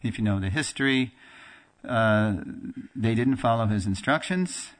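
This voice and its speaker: A man teaching a religious class, telling a story in a lively conversational way and acting out the dialogue. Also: fairly low pitch, a little slow. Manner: animated storyteller, acts out quoted dialogue; conversational with fillers and restarts, laughs now and then. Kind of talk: storytelling lecture.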